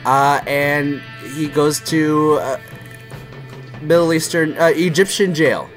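A young man casually recapping a film on a podcast, animated and laughing as he tells the story. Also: fairly high pitch, takes it slowly, faint music behind.

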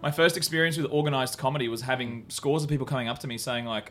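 A man's voice: medium pitch, fast, a bit bright. A man, a comedian, talking candidly as a podcast guest in a bar venue, rambling and self-deprecating with frequent restarts and the odd swear. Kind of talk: candid podcast interview chat.

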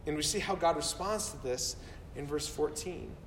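High-voiced preacher in an echoey hall. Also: male voice, normal speed, slight background noise. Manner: earnest, repeats words when emphatic. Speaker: pastor. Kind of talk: sermon. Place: church sanctuary. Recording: roomy hall from far off.

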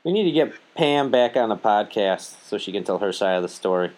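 A man's voice: fairly low pitch, animated, fairly quick, darkish tone. A young man hosting a podcast, joking around crudely and swearing freely. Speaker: podcast host. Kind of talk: casual podcast banter.

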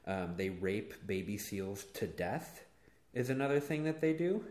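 A man in casual chat with his sister, joking in a deadpan way while recording at a coffee shop. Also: lowish voice, a little slow. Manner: playful, deadpan jokes. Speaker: podcast guest. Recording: echoey room.

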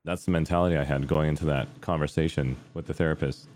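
Very deep-voiced young man, rambling. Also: fairly even intonation, fast talker, darkish tone, a little hiss or hum. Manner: rambling and candid, many fillers and restarts. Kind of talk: casual personal storytelling.

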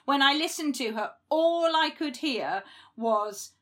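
A woman co-hosting a podcast in a loose, chatty way, full of asides and self-deprecating jokes. Her voice is bright and a little high. She talks casually among friends. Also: expressive, slow pace. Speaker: podcast co-host. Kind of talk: casual chat.

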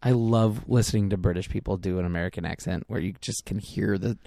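Gravelly, laid-back male podcast co-host. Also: deep voice, quick pace, no echo, studio quality. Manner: laid-back, joking, deadpan asides. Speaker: drama teacher. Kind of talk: casual chat.

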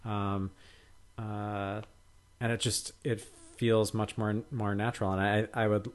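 This podcast co-host speaks slowly in a fairly low, level voice. His casual conversation is halting, full of fillers and false starts.

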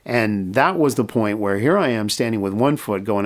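A middle-aged American mission president, here as a guest, tells a story in a podcast interview. He's an animated storyteller who acts out the dialogue. His voice is lowish and his speed normal.

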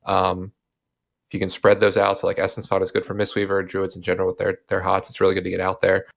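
Man, low gravelly voice, loose rambling podcast-guest talk. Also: monotone, quick pace. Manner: rambling, lots of fillers and hedges. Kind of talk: casual chat.

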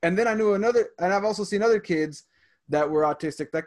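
A man's voice: high voice, quick pace. A man who works as a teacher, chatting on a podcast, reading items from a list and adding stories from his classroom. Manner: reads items aloud and adds classroom stories.

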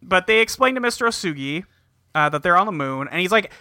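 Man from California, high voice, lively swings, very bright tone, dry close sound. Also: fast, no echo. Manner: animated, acts out characters' lines mid-recap. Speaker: podcast co-host. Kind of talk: casual chat recapping an anime episode.

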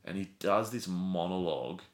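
Man, casual podcast chat, animated storyteller, lowish voice, echoey room. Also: normal speed. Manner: animated storyteller, acts out quotes.

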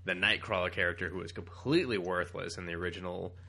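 A young man co-hosting a comics podcast in casual, animated chat, swearing freely and laughing often. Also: sits low, quick pace, slight background noise. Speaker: podcast co-host.

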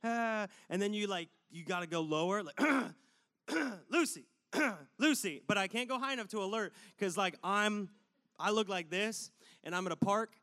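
A male pastor with a fairly high voice preaches a sermon. He tells a personal story and acts out the voices in it, laughing often. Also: brisk, sharp tone, clear, resonant tone.

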